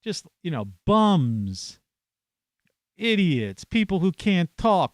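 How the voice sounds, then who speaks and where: Scornful man ranting in a lively voice. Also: high voice, slow pace, dry recording, studio quality. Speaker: vlogger. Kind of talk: ranting monologue to camera. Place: at home, indoors in an old house.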